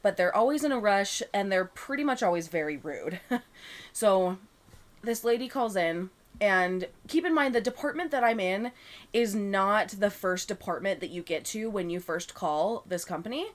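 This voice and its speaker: Woman co-host, casual podcast chat, lively storyteller acting out both sides of a call, medium pitch. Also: normal speed. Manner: animated retelling of a customer service call, acting out both sides.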